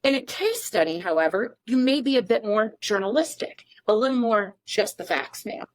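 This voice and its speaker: A woman's voice: medium pitch, lively intonation, normal speed, no room sound. A woman co-hosting a podcast, explaining ideas in an emphatic, teacherly way with frequent rhetorical questions. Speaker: podcast co-host.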